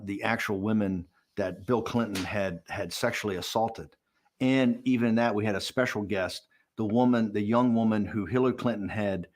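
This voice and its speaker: A man in his sixties giving a candid documentary interview, telling a story with animation and acting out quoted dialogue. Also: lowish voice. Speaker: interview guest.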